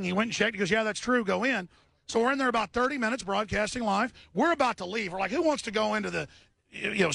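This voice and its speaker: Man, radio host, agitated, emphatic, repetitive, high gravelly voice. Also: a bit bright, no echo. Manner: emphatic, repeats words, restarts often. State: worked up after a scuffle. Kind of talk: agitated live radio recounting. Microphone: studio radio mic.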